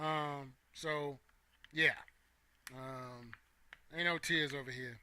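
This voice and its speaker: A man's voice: medium pitch, steady tone, slow, bright, forceful tone, clear, resonant tone. A young man hosting a casual opinion talk, playful and joking with his chat. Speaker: host.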